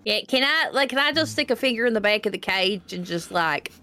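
A woman's voice: mid-range voice, animated, a little fast, bright, forceful tone. A woman playing in a tabletop game who chats casually and scolds in a chiding way, repeating her words. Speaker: player.

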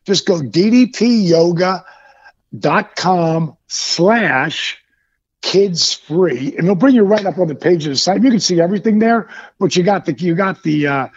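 A man's voice: high-pitched, a little slow, slightly rough, highs cut off. A man, a former wrestler, telling a profane story in a podcast interview with a lot of animation. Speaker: retired wrestler and yoga program founder.

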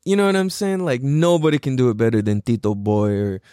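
A man's voice: medium pitch, steady tone, brisk, dark tone, clear, resonant tone, dry recording, clean studio sound. A man doing a casual comedic monologue as a podcast host, laughing often, swearing freely and using slang.

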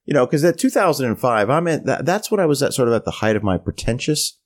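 A man's voice: mid-range voice, fast. A middle-aged man on a podcast telling a long funny story, bouncing into exaggerated voices for the people he quotes. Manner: animated, mimics voices in quoted lines. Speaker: podcast co-host. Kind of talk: casual storytelling rant.

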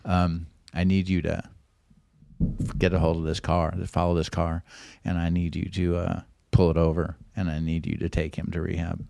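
A man's voice: sits low, creaky, a little mellow, no room sound. A middle-aged man, a podcast guest, telling rambling anecdotes in a casual way and acting out the voices of people he quotes.

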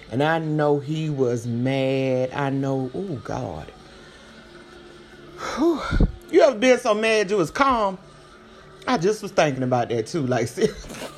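A woman hosting a podcast, giving casual commentary in an animated, slangy, chatty way, her voice swinging between loud and soft. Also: low voice, a little hiss or hum. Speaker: podcast host.

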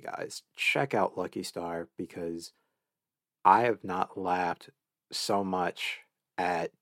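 A man's voice: sits low, no echo, studio quality. A man hosting a solo anime review podcast, talking in a gushing, enthusiastic way and repeating words as he restarts his sentences. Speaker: podcast host.

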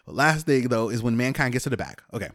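A man's voice: mid-range voice, sing-song, fast, a bit bright, dry recording, clean studio sound. Chatty man rambling through a story. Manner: rambling, chuckles often, many fillers. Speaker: podcast host. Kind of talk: casual storytelling monologue.

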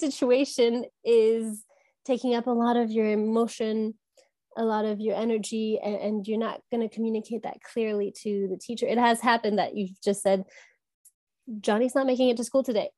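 A woman answering interview questions, thoughtful and halting, with frequent pauses and restarts. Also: on the high side, warm tone, no room sound. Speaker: guest from an education app company.

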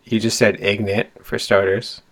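A man hosting a casual podcast chat, speaking hesitantly with frequent pauses and fillers. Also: fairly low pitch, little pitch movement, a bit bright.

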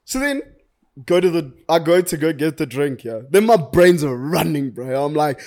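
Young south african guy spinning a story, kinda high voice, lots of slang and swearing. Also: fairly quick. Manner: animated, slangy, swears freely, laughs through his story. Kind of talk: casual storytelling chat.

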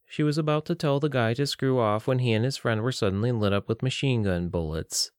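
A man narrating an audiobook in a steady, plain storytelling manner. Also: medium pitch, fairly quick, dry recording, clean studio sound. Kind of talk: scripted narration.

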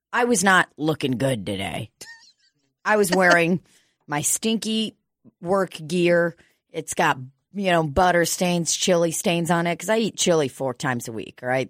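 Woman, host, comic storytelling, swears a lot, laughs often, lowish voice, dry close sound. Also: dry recording. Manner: profane, laughs often, animated quoting. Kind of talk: casual comedic storytelling.

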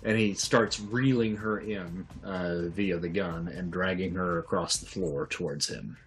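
A man narrating as game master for a tabletop game, unhurried and laughing often. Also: sits low.

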